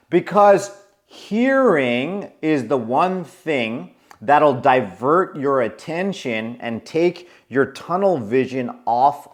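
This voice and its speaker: A man in his forties telling a story to camera in a casual, animated way, acting out the voices of the people in it. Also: medium pitch. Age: 40s. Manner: animated, acts out quoted voices. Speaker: coach.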